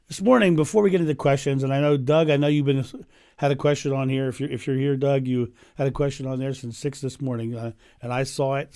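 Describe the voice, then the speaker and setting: A hoarse man with laryngitis hosting a casual livestream from home, chatting and laughing often into his microphone. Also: mid-range voice, warm tone. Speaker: livestream host. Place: home in Ohio. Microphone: microphone turned up.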